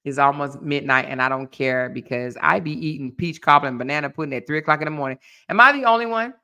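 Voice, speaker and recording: Bright-voiced chatty woman livestreaming. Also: low-pitched, fast talker. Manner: laughing, chatty, talks to viewers. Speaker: livestream host. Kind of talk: casual livestream chat with viewers.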